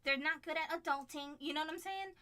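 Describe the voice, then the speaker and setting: A woman co-hosting a casual live chat, animated and quick to act out other people's voices. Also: high-pitched. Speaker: co-host.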